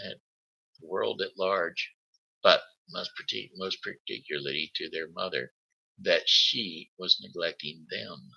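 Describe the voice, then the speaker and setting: A man reading a children's story aloud on his live show, halting, with slips and restarts. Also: low-pitched, gravelly, sharp tone, breathy edge, highs cut off. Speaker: host.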